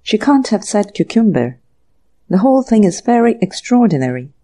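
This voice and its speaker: An irritable young male author, read by a woman in an audiobook mutters to himself in brisk, exasperated bursts. The voice stays close to the reader's own, warm and mellow in tone, and only lightly shaded for the character. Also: mid-range voice, big pitch swings. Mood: bewildered, exasperated.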